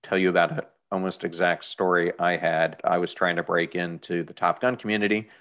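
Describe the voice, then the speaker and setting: A middle-aged man telling a story in a relaxed, matter-of-fact way during a casual interview. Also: low voice, brisk.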